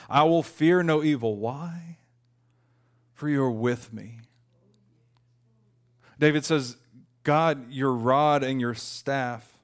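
A man in his thirties preaching a conversational, earnest sermon, lifting his voice when he quotes a lament. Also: a little high. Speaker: pastor.

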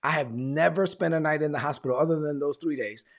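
A man's voice: fairly high pitch, fast talker. A man, a pastor telling his testimony in a sermon, repeating words as he tells the story. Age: 40s.

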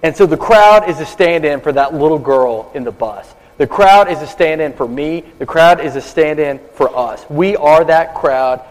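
A man's voice: a little high, moderate pace, hardly any pauses. A male pastor giving a sermon at a baptism service, telling stories dramatically and dropping to whispers for asides. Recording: long hall reverb.

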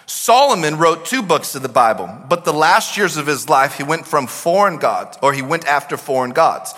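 A man preaching a sermon as pastor, animated, swinging from shouts to quiet asides. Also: fairly high pitch, normal speed. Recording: long hall reverb.

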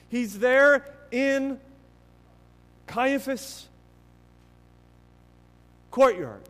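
A man preaching a sermon earnestly and emphatically, with many restarts, swinging between loud stresses and hushed passages. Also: very high voice, big-room sound. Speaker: pastor.

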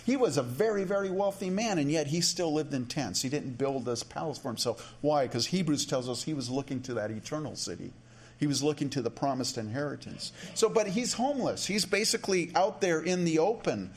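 Male pastor, sermon delivery, chatty with restarts, slightly high voice. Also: expressive, fairly quick. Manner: conversational, many restarts and asides.

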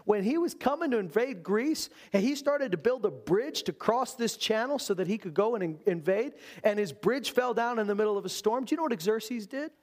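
A preacher with a high-pitched voice works through a scripture passage, reading verses and then unpacking them in loose, conversational asides. His delivery is animated and storytelling-driven, like he's talking straight to the room. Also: brisk, hardly any pauses.

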